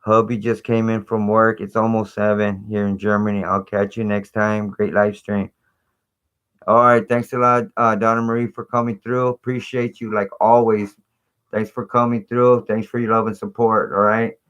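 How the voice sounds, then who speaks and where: A man's voice: on the low side, level tone, moderate pace, fairly bright tone, clean tone. Rambling man hosting a live stream. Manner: rambling, filler-heavy, conspiratorial chat. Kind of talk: casual live stream talk.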